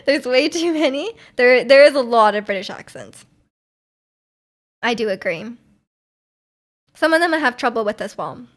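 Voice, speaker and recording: A young woman chats with her live stream viewers, rambling and restarting her sentences, often breaking into giggles. Her voice sits a little on the high side. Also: lively intonation, moderate pace, pauses often. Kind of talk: casual chat with live chat.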